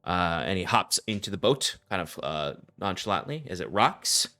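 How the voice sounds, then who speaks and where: A man narrating as game master of a tabletop game with unhurried description. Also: low-pitched, big pitch swings, bright, forceful tone.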